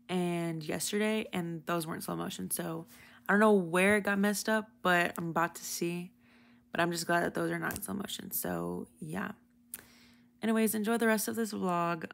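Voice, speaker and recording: This is casual vlog talk from a young woman holding her phone at arm's length as she goes around stores and her apartment. She speaks at a moderate pace in a fairly low, creaky voice, chatty and slangy, saying "bro" and "like" a lot.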